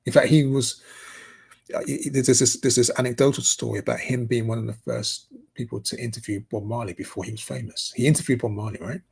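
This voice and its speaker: A man's voice: medium pitch, steady tone, a little fast, vocal fry, darkish tone, slightly rough. A man hosting a community news update in casual, rambling commentary full of fillers and restarts. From United Kingdom.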